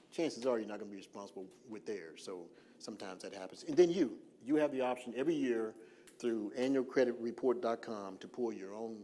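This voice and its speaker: A man presenting a financial workshop in an informal seminar style, relaxed and full of fillers, slowing down on purpose to stress key points. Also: on the low side. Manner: relaxed, lots of "uh" fillers, slows down deliberately for emphasis. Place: church hall.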